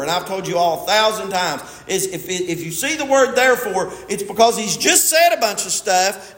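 A man preaching a sermon as pastor, emphatic, swinging from loud stresses to quiet asides, in a church. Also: high voice. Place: church sanctuary. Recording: echoey hall with long reverb.

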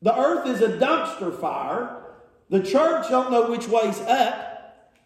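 A man with a high voice preaches a sermon in a church, reading from scripture and retelling it with sarcasm. He keeps putting rhetorical questions to his congregation. The sound carries a roomy echo. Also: very animated, slow. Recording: echoey room.

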